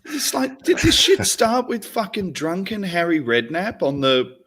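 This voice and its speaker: A man's voice: sits high, sing-song, a little slow, a bit bright, breathy edge. Emphatic, sweary man in football chat. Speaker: podcast co-host.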